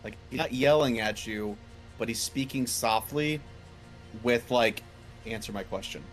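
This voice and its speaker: Relaxed male guest, swearing storyteller, light music behind. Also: medium pitch, unhurried. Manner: laid-back, swearing storyteller, gets exasperated. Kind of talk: casual chat.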